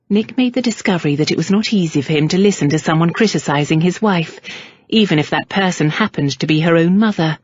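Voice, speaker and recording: Husky woman narrating an audiobook. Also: on the low side, quick pace, no room sound, dull audio. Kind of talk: scripted narration.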